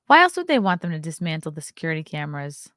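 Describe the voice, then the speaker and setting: A woman's voice: sits low, big pitch swings, fast, a bit bright, no echo, studio quality. A woman hosting a casual live stream, reading news aloud and adding sarcastic asides to her chat. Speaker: show host.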